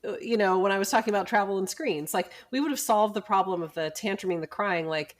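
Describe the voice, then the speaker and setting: Animated middle-aged woman telling a story. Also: medium pitch, fast. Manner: animated storyteller who acts out quoted people. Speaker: podcast co-host and physician. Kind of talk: casual storytelling chat.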